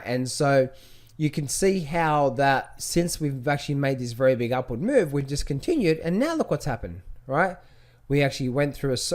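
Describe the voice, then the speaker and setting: A man giving a screen-share lesson on reading stock charts, repeating himself and asking rhetorical questions as he points things out. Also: a little high. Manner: rhetorical questions, repetitive, animated. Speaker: trading educator.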